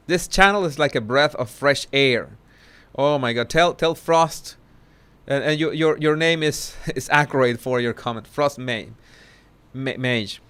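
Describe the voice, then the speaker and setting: A man hosting a casual live commentary, talking haltingly with many restarts and self-corrections. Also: mid-range voice, fairly bright tone, smooth. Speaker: social commentary host.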